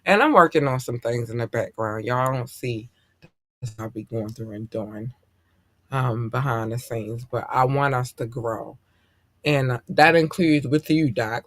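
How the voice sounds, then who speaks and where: Bright, excitable male podcast host. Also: mid-range voice. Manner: excitable, slangy, heartfelt. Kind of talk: casual podcast chat.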